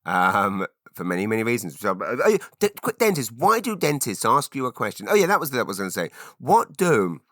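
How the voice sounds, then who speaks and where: A man's voice: mid-range voice, sing-song, a little fast, few pauses, fairly bright tone, no room sound, clean studio sound. A British man in his forties from England, hosting a solo podcast in a rambling, self-deprecating way full of fillers and restarts. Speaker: podcast host.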